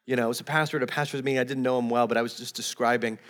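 A man's voice: mid-range voice, fairly even intonation, rapid-fire, a bit bright, in a large hall. A man pastor preaching a sermon, earnest and emphatic, often repeating words as he builds a point.

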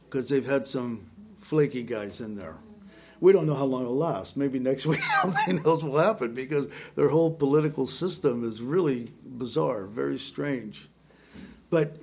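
A man's voice: fairly high pitch, darkish tone. A male pastor giving an expository sermon, conversational and emphatic, reading scripture aloud and adding his own asides. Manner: conversational, emphatic, with fillers and restarts.

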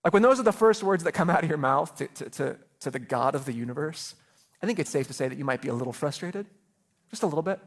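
A pastor in his thirties delivers a sermon with earnest, personal warmth in his words. His voice sits slightly high for a man. He often repeats a word two or three times before a phrase gets going. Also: expressive, fast. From Chicago area.

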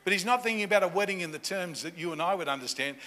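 A man preaching a sermon, animated, moving from loud emphasis to hushed, intimate asides and acting out voices from the story. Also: high-pitched, very fast. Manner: acts out voices of people in the story. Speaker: pastor.

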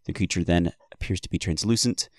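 Deep-voiced man explaining game rules. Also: brisk, darkish tone, no room sound, studio quality. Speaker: player. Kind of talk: tabletop game chat.

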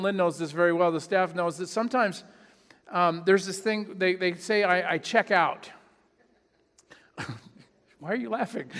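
A man's voice: high-pitched, a bit bright, in a large hall. A man, a pastor, preaching a sermon in a conversational, self-deprecating way, acting out imagined voices.

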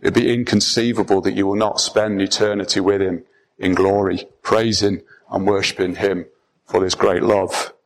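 A man's voice: fairly low pitch, level tone, moderate pace, gravelly, slight background noise, rough recording. A man preaching a sermon as pastor, earnest and emphatic, often restarting his phrases.

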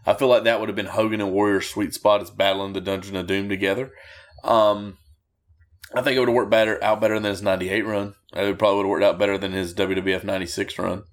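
Male co-host, casual profane wrestling talk, animated. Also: on the low side, quick pace. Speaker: podcast co-host. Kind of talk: casual chat watching wrestling.

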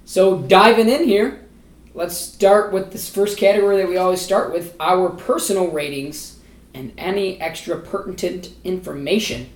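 A man's voice: high voice, moderate pace. A young man hosting a podcast in a casual, teasing way, laughing often. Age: young adult. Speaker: podcast host. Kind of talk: casual chat. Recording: echoey room.

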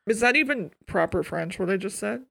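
A woman co-hosts a podcast in easy, casual chat. She is playful and teasing, bursting out loudly and then dropping to hushed asides, in a middle-pitched voice. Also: animated, brisk, creaky, no room sound. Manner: playful, teasing, jumps between loud outbursts and hushed asides. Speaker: podcast co-host.

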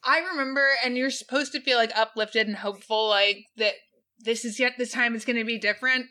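A woman's voice: fairly high pitch, fairly even intonation, a little fast, sharp tone. A young woman co-hosting a podcast, chatting casually and profanely about a TV show and laughing often. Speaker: podcast co-host. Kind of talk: casual chat, recapping a TV show.

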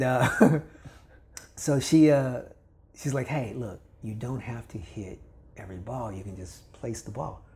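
An older man from Kentucky, a volleyball coach, telling a story in casual talk, acting out the voices of the people in it and laughing often. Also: medium pitch. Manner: animated, acts out quoted voices, laughs often. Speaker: volleyball coach, podcast guest.

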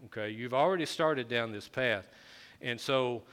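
A man's voice: medium pitch, unhurried, a bit bright, clean tone. A man preaching a conversational sermon, often restarting his phrases as he explains the scripture. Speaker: pastor.

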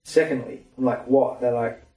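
A man's voice: medium pitch, steady tone, brisk, a little mellow. A man chatting casually as a podcast guest, telling stories in a laid-back way and laughing often. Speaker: guest, personal trainer and mentor. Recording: roomy sound, mic far off.

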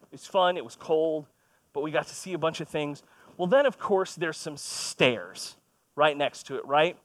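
A man in his thirties delivers a sermon as a relaxed, conversational story, poking fun at himself along the way. His voice sits fairly high for a man. The recording is close and dry, with no room echo. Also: normal speed. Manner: conversational, storytelling with self-deprecating humor. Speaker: pastor. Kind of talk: sermon with personal stories.

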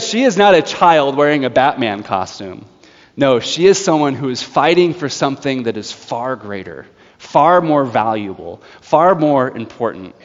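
A man preaching a sermon, telling a story in a lively way with laughs and acted-out voices. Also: medium pitch. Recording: dull sound with long hall reverb.

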